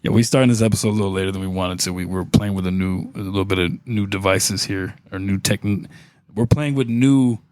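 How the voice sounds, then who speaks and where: A man's voice: sits low, fairly even intonation, fairly quick, a little mellow, no room sound. Upbeat laughing male podcast host. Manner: upbeat, laughs often, loose and joking. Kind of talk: casual podcast chat.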